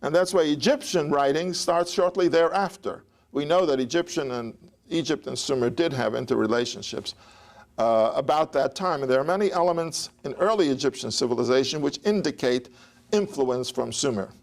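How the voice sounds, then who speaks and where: A man's voice: fairly high pitch, moderate pace. A man lecturing on ancient history in a digressive, anecdotal way, with chuckles and restarts. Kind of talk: academic lecture.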